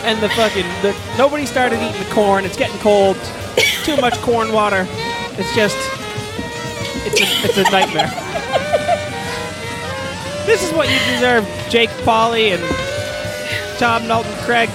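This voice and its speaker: A man's voice: very high-pitched, a little slow, long pauses. A man co-hosting a comedy podcast, telling a crude rambling story with lots of swearing and exasperation. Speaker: podcast co-host. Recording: loud free jazz music behind.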